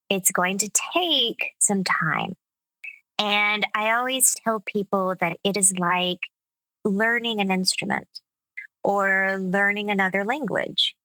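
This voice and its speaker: An American woman, a speech coach, explaining her work in a measured, patient interview manner. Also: medium pitch, sharp tone, no echo, poor audio. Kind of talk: interview conversation.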